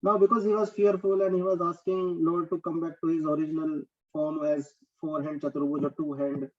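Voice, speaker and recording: A man teaching a scripture class, explaining patiently and chanting verses quickly. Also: fairly high pitch, level tone, recorded from a distance. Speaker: spiritual teacher. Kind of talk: scripture lecture. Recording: dull lo-fi recording.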